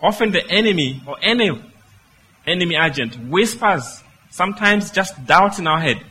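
A man's voice: sits high, expressive, moderate pace, pushed and bright, breathy edge, poor audio. A man preaching a sermon, speaking emphatically and putting rhetorical questions to his listeners.

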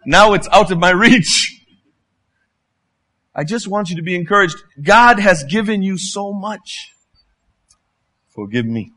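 A man in his fifties preaching a sermon as a guest preacher, telling humorous, animated stories. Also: high-pitched, measured pace, pauses often. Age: 50s.

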